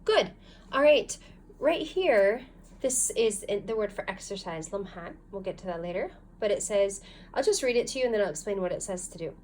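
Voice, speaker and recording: A woman's voice: medium pitch, a little mellow, slight background noise. A woman teaching a recorded phonics lesson, guiding learners patiently step by step and sounding out syllables. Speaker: language teacher.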